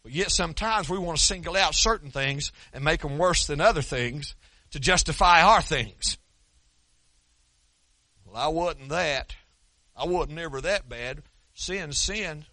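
A male pastor with an Oklahoma accent preaching a sermon in a folksy, talkative way. His voice sits a bit high and sounds bright and forceful. The recording is dry, with no room echo. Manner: folksy, conversational, quick with restarts.

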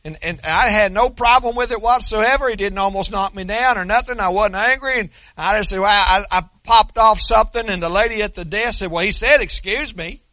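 Male pastor, sermon, high bright voice, folksy dry humor, dry close recording. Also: brisk, hardly any pauses, dry recording. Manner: folksy storytelling with dry self-deprecating humor; repeats and restarts words.

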